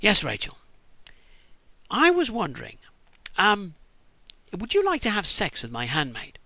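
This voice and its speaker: A man's voice: high voice, huge pitch swings, unhurried, pushed and bright, no echo, pitched above the performer's own voice, full character voice. A man putting on a pushy young wife's voice in a comic Bible retelling. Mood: coaxing. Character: young woman, a wife, pushy and scheming.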